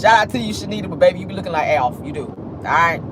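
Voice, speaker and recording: A woman with an African American Vernacular English accent, hosting a casual livestream with blunt, sassy commentary. Her pitch swings widely as she talks. Clear traffic noise rumbles behind her. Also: animated, quick pace. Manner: sassy, blunt, laughs often. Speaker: vlog host.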